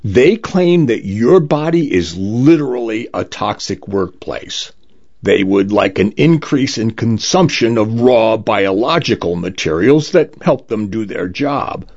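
A man's voice: lowish voice, animated, unhurried, a little mellow, lo-fi sound. A man doing a fussy, prim lawyer. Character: polite, fussy male lawyer, slightly prim.

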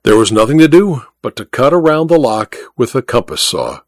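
A man narrating an audiobook in an expressive, storytelling manner. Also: medium pitch, normal speed, dry recording, clean studio sound.

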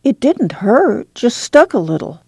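A woman's voice: fairly high pitch, big pitch swings, a little slow, dark tone, breathy edge, no room sound, voice pushed up, exaggerated voice. A woman voicing a timid, fretful young pregnant woman in a storybook reading, with a whiny, anxious way of protesting. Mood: relieved.

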